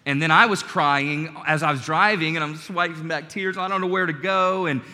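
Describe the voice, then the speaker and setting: A man's voice: a little high, fairly quick, bright, forceful tone, long reverb tail. A man in his forties preaching a sermon, telling a personal story in an earnest, emphatic way. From North Carolina. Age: 40s. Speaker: pastor.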